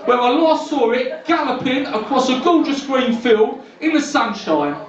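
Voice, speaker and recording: The same brash London cabbie act plays out at normal speed, his very high-pitched voice full of lively intonation and his patter propped up by cheeky tag questions. It's a pub comedy gig, recorded from afar with a dull, roomy sound.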